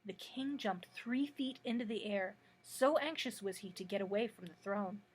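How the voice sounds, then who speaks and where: Husky-voiced woman reading a storybook aloud. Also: mid-range voice, moderate pace. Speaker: librarian.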